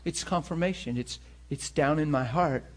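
A man preaching a sermon to a class. His voice is husky and sits a little high for a man. He talks in an animated, conversational way, the way a teacher speaks straight to his students. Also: moderate pace.

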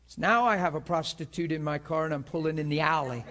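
A man's voice: on the high side, a little fast, few pauses, a bit bright. A middle-aged male pastor telling a story in a sermon, acting out the voices of the people in it with strong feeling. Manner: emotional, acts out both sides of a story.

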